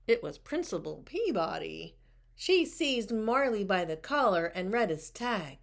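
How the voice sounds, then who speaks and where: A woman reading a picture book aloud, expressive and talking to the listeners with questions. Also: mid-range voice, a little slow. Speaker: storybook reader.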